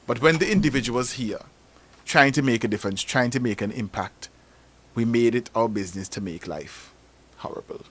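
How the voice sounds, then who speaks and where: A man from Antigua with an Antiguan accent, telling stories on a talk show in an animated, emphatic way. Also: medium pitch, moderate pace, no echo. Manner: animated storytelling, rising to emphatic peaks. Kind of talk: casual talk show discussion.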